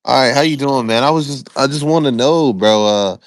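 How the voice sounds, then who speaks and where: A man's voice: medium pitch, fairly quick, no echo. A man calling in to a show, talking casually and hesitantly with many restarts. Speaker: caller. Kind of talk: casual phone-in talk.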